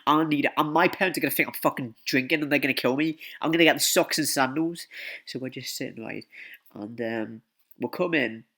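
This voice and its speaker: Rambling, bright-voiced man telling a story. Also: medium pitch, brisk. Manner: rambling, repeats words and swears often. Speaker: vlogger. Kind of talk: casual storytime.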